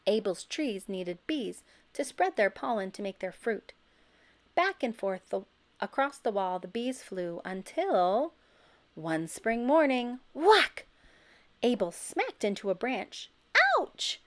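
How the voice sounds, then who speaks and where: Slow, lively woman reading a picture book. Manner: expressive, bursts into loud high character calls. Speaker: storybook reader. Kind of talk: children's picture book read-aloud.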